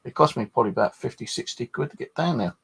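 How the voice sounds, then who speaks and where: A man hosts a paranormal channel in a loose, late-night chat. His voice is gravelly and somewhat husky at a middling pitch, and he rambles from one complaint to the next, swearing freely. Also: animated, fast talker, fairly bright tone.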